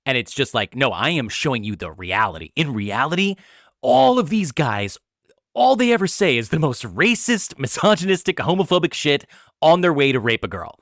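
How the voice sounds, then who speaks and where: A man's voice: a little high, normal speed, dry recording, clean studio sound. A man co-hosting a podcast, talking casually and argumentatively about a film, often restarting his sentences. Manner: animated, argumentative, stammers on restarts. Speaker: podcast co-host.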